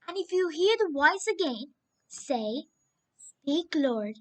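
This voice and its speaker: A woman voicing a sleepy old male priest in a storybook reading, tired and a little gruff. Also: sits high, expressive, takes it slowly.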